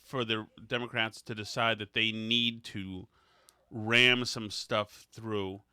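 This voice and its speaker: Brief: male podcast host, wry and interrupting, sharp tense tone, dry close sound. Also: fairly low pitch, level tone, takes it slowly, clear, resonant tone, dry recording. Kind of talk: casual political chat.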